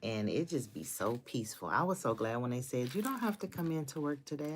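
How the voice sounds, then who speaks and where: A woman's voice: extremely low pitch, very animated, brisk, hardly any pauses, slight background noise. A woman in her fifties chatting casually on a live stream from her home office, talking to viewers by name. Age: 50s. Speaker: livestream host.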